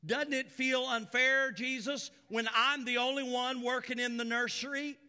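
Man doing a high, sharp-toned nagging woman for a sermon story. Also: fairly even intonation, normal speed, in a large hall, exaggerated voice. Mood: aggrieved. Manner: nagging, exasperated pleading. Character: whiny put-upon woman complaining.

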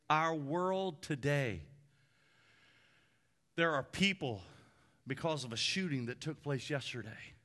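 Slow, bright-voiced preaching man. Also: mid-range voice. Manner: emphatic preaching with repeated lists, swinging between loud peaks and hushed drops. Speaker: pastor. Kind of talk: sermon.

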